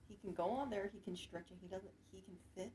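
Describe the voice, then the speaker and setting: A woman's voice: medium pitch, fast talker, darkish tone, a little hiss or hum. A woman at home teasing and chatting casually about a cat.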